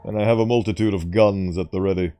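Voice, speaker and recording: A man's voice: deep voice, steady tone, quick pace, mellow, soft background music. A man giving casual gameplay commentary with theatrical, mock-grand asides. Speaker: gaming YouTuber.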